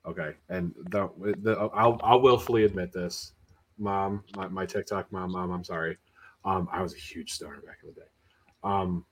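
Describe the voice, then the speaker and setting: Lowish-voiced young man telling ghost stories. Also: a little hiss or hum, rough recording. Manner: profane, animated, swears freely. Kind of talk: casual podcast storytelling.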